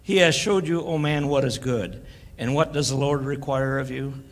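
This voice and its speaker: A man's voice: on the high side, animated, moderate pace. Folksy older man preaching in a church. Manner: folksy, joking, acts out quoted voices. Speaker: guest preacher. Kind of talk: sermon. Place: church sanctuary. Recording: church live stream with long reverb.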